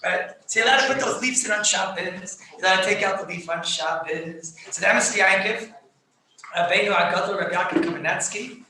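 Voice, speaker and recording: A high-pitched, very sharp and bright male voice, a rabbi teaching a halachic class over a video call. He gets excitable, repeats himself and laughs as he explains, and he mixes in Hebrew and Yiddish terms. The sound is roomy and set back from the mic. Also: a little fast. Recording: echoey, distant, faintly noisy video call.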